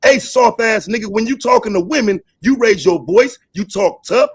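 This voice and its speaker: A man hosting a heated debate, confrontational and quick to interrupt. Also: high voice, lively intonation, breathy edge. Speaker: host.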